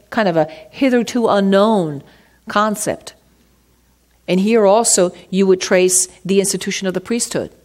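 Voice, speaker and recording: A woman's voice: mid-range voice, a little mellow. A woman teaching from scripture in a conversational way, reading verses aloud and then asking her listeners rhetorical questions. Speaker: Bible teacher.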